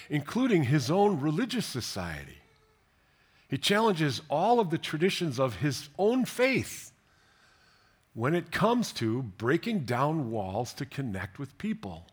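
A man preaching a sermon, reading scripture aloud and commenting on it, moving between gentle tenderness, soft whispered passages and lively, emphatic questions. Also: a little high, husky.

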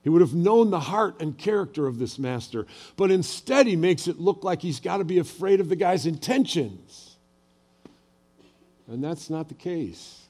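A man's voice: on the high side, mellow. An older man preaching a sermon as a pastor, telling personal stories in a conversational way and asking the audience questions.

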